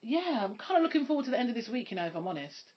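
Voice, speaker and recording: A woman with a slightly high, very fast voice and big pitch swings co-hosts a podcast, chatting casually with slang and frequent laughter. The recording sounds dull and lo-fi.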